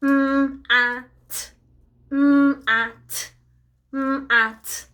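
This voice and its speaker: A woman voicing a toy robot that speaks in slow, separated sounds. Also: sits high, fairly even intonation, bright, forceful tone, heavily acted. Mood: robotic.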